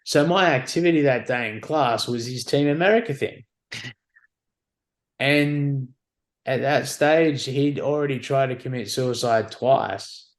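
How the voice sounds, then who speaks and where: A man's voice: mid-range voice, measured pace. A man, a podcast guest, telling stories casually and animatedly, swearing and acting out the dialogue. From Australia. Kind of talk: casual storytelling.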